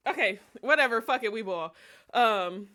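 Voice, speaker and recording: A woman streamer telling a personal story in a casual, animated, profane and digressive way. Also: on the high side, normal speed.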